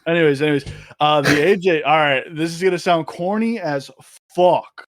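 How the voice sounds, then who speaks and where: A man's voice: a little high, normal speed, dry recording, studio quality. Profane, laughing young man telling stories. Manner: profane, laughing, animated storyteller. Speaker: podcast guest. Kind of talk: casual chat, storytelling.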